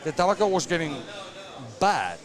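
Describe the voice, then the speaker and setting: Animated Spanish-accented man, lively pitch. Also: moderate pace, a crowd in the background. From Spain. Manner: animated, broken English, joking. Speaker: cigar maker guest. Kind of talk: casual chat. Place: cigar shop event, indoors.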